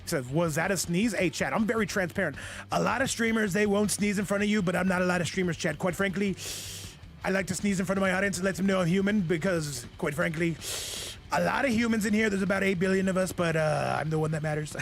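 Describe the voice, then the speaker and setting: A man's voice: high-pitched, fast talker, vocal fry, a little hiss or hum. A man hosting and commentating a fighting game stream in a casual, joking, rambling way, talking straight to his chat.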